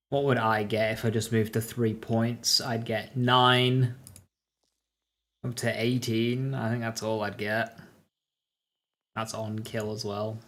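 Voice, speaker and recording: A man streaming a game, thinking aloud about his build and greeting his chat viewers by name. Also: mid-range voice. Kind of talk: casual live-stream commentary.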